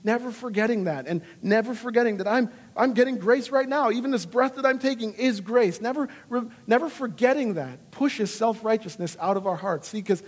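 A high-pitched man in his thirties delivers an earnest sermon as a pastor. His delivery is animated, and he voices quoted lines with dramatic feeling. The sound carries a long reverb from a church hall. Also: fairly quick, hardly any pauses.

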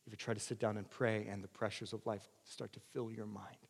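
A male pastor delivering a sermon, swinging between loud emphatic preaching and quiet earnest asides, in a church sanctuary. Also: fairly low pitch, level tone, brisk, vocal fry, husky. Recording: long church hall reverb.

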